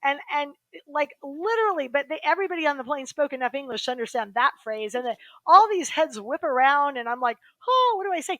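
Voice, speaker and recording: A middle-aged woman, an attorney, telling a lively personal story in a casual interview. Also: sits high, fairly quick, dry recording, low-quality recording. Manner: lively anecdotal storytelling with quoted voices. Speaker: guest, human rights attorney.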